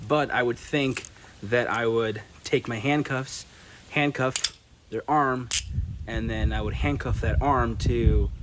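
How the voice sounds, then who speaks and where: A male police officer explains casually, thinking aloud as he goes. His voice is mid-pitched. Clear ambient noise runs behind him. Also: steady tone, takes it slowly.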